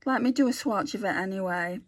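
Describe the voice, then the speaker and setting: A woman's voice: mid-range voice, brisk. A woman chatting casually as she swatches makeup for a beauty vlog, thinking aloud and correcting herself as she goes. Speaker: beauty vlogger.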